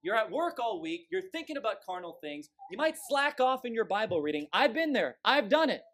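A man preaching a sermon from the pulpit, forceful and emphatic, scornful toward those he condemns. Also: high-pitched, sing-song, fairly quick. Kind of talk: fiery sermon.

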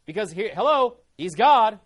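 A man preaching with a notably high-pitched voice. His delivery is fervent and emphatic, the way a sermon is delivered from the pulpit. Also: sing-song, moderate pace.

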